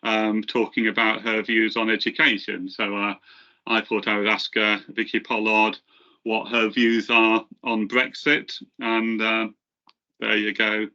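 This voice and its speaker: Presenting a software demo in a webinar, a man from the software team speaks in a lowish voice with flat delivery that is nonetheless bright and a little forceful. Frequent hesitations, ums, and restarted phrases mark his speech, and the call sounds slightly dull and lo-fi.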